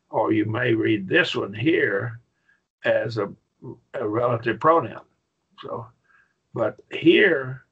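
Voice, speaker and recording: Gravelly-voiced man teaching a Greek class. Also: medium pitch, lo-fi sound. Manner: folksy, repeats "okay?", slows down to stress points. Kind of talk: classroom lecture.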